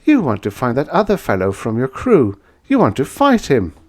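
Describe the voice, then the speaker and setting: A man reading an audiobook, voicing a nervous, pushy woman in a bar by raising his voice high. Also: moderate pace. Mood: prying. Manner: pitched up high, excitable.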